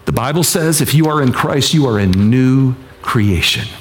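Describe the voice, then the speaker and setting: Passionate preacher man, loud to hushed. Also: medium pitch, expressive, normal speed. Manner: passionate, swings from loud pleading to hushed intensity; repeats phrases, acts out inner voices. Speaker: pastor. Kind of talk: sermon.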